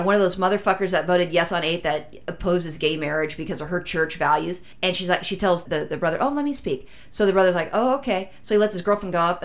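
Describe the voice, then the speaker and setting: Rambling lower-voiced woman telling a story. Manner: rambling, animated anecdote with acted-out quotes. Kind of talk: casual storytelling chat.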